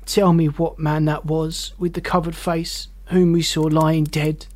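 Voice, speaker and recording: Fearful pleading old miser, measured and earnest, storybook reading, voiced by the narrator. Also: mid-range voice, level tone, darkish tone, dry recording, close to an everyday voice. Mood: urgent. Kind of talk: audiobook character voice.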